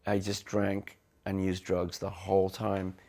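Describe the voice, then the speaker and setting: A man from the Midlands speaking candidly in a documentary interview, halting and restarting as he talks. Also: sits low, monotone, darkish tone. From Cannock, England. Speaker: interviewee, musician.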